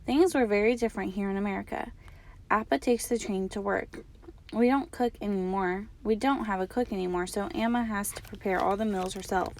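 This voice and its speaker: A woman teacher reading the first chapter of a children's novel aloud, in a calm, measured way. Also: medium pitch.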